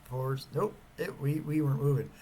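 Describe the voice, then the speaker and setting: A man giving a motivational talk and telling a personal story. He is animated and swings between loud emphasis and hushed whispers. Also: medium pitch, a little fast, slight background noise, poor audio. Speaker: motivational speaker.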